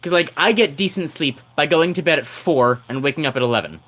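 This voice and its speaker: Guy streaming, teasing and rambling, kinda high voice, desk mic. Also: expressive, a little fast, a bit bright. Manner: teasing, rambling, laughs often. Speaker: livestreamer. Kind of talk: casual livestream chat.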